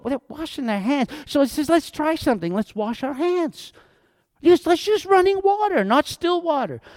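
Animated high-voiced male pastor preaching. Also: no room sound, clean studio sound. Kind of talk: sermon.

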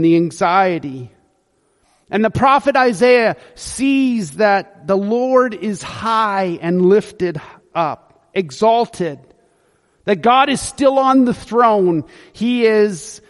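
A male pastor delivers a sermon in a high voice and an unhurried pace, repeating words for emphasis. His voice rings with the long reverb of a church hall. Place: church sanctuary.

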